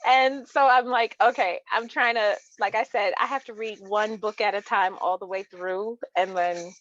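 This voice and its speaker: A woman's voice: mid-range voice, steady tone, moderate pace, fairly bright tone, no echo. A chatty woman author talks through her reading picks, laughing often and circling back on her words. Her voice is dull and lo-fi, with a dry, close sound. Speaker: author and interview guest. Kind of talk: casual chat about books.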